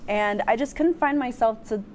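A woman's voice: on the high side, a little mellow, a little hiss or hum. Bubbly young woman co-hosting TV. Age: young adult. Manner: bubbly, chatty, quick to laugh. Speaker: student co-host. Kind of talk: casual co-hosted entertainment segment. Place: campus TV studio.

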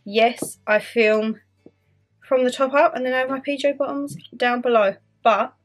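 Young Northern English woman vlogging at home, high-ish voice, chatty and self-mocking, soft music underneath. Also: steady tone, moderate pace. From Northern England. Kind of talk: casual vlog chat.

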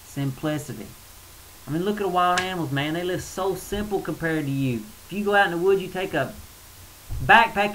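A man's voice: on the high side, fairly bright tone, low-quality recording. A man ranting in a blunt, colloquial way in a casual video monologue, getting worked up and then apologizing. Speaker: spiritual vlogger. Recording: faint hiss.

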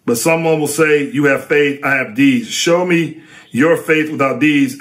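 Emphatic preaching man, bright voice. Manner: emphatic, lively preaching with sudden high emphasis. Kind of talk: sermon.

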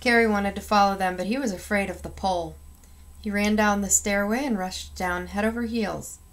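A woman's voice: medium pitch, fairly even intonation, normal speed. A woman reading a children's picture book aloud, acting out the sound effects with expression. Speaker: storyteller.

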